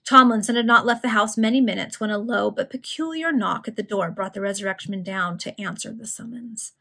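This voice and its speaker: Husky-voiced woman reading a Victorian serial. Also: mid-range voice, brisk. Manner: steady narration, with casual asides. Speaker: reader.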